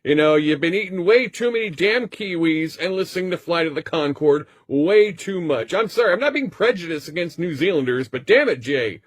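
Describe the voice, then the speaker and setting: A man's voice: fairly high pitch, expressive, brisk, hardly any pauses, dry recording. A man playing a mock sports reporter in a comedy bit, over-the-top and indignant. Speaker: comedy correspondent.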